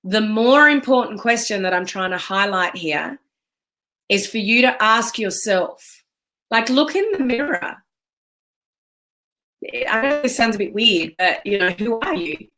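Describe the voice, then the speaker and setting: Bright-voiced Australian woman coach. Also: medium pitch, measured pace, long pauses. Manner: energetic, emphatic, chatty. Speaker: business coach. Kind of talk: live-streamed motivational talk.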